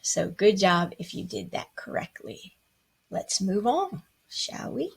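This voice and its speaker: A woman's voice: mid-range voice, big pitch swings, a little slow, creaky, husky. A woman teaching a music lesson, patiently explaining rhythms and chanting the counting syllables with playful asides.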